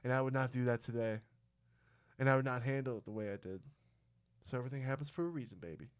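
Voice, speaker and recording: A young man telling a story on a casual podcast, swearing freely and talking with animation. His voice is smooth and resonant, pitched in the middle for a man. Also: fast. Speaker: podcast host. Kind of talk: casual chat.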